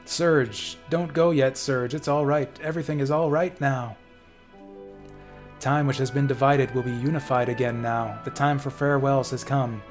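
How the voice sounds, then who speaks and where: A man's voice: mid-range voice, steady tone, normal speed. A man streaming a game, reading its dialogue aloud in a dramatic way and drifting into casual, profane asides. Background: faint game music.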